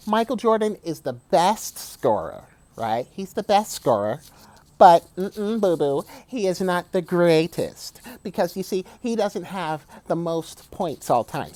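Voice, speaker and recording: A man's voice: a little high, darkish tone. A man voicing a smug, fawning male basketball fanboy who drawls hesitantly and blows kisses. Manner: drawling, sing-song, hesitant.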